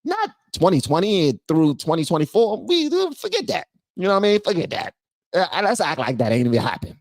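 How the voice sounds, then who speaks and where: Slangy live-stream commentator, wildly animated pitch. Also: male voice, fairly quick, no room sound. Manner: slangy, loud outbursts, rhetorical questions.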